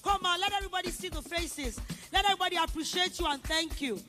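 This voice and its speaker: A woman's voice: very high-pitched, fast talker, pushed and bright, faint music behind. A woman giving an effusive, emotional thank-you speech on a conference stage, repeating herself as she calls her team up. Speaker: event founder and host.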